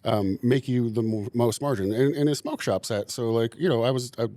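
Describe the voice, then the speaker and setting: A man chatting as a podcast guest, walking through how he sets up store shelves. His speech is casual and loose, full of "like" and "um". His voice is mid-pitched for a man and recorded close and dry. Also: fairly quick, dark tone, no echo. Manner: chatty, many "like" and "um" fillers. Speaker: podcast guest, retail buyer.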